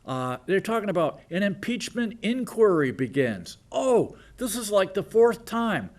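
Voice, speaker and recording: A man's voice: high-pitched, sing-song, unhurried, hardly any pauses, darkish tone. A man in his sixties giving sardonic local TV news commentary, mocking and rambling with jokey asides. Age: 60s.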